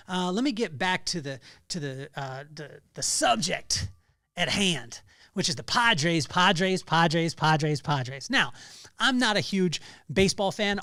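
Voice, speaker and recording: Middle-aged guy doing his solo podcast, kinda high voice, dry close mic, gets hyped telling stories. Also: measured pace, no echo. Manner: animated storytelling with bursts of excitement; many fillers and restarts. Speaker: podcast host. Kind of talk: casual solo podcast monologue.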